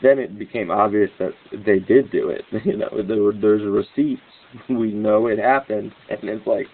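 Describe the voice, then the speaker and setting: A man giving a rambling, excitable commentary monologue as host of his own news channel, with restarts and cynical laughs. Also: fairly low pitch, normal speed, hardly any pauses. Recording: tinny phone-like line.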